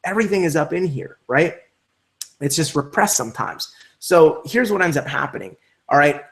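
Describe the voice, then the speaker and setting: Man, network marketing trainer, live online session, emphatic, energetic, slightly high voice. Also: moderate pace.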